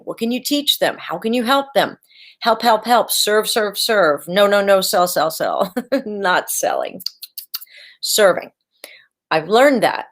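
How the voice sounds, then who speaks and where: A woman hosting a live-stream coaching session, talking in an energetic, chatty way and repeating her key words. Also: medium pitch. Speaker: video coach hosting a livestream.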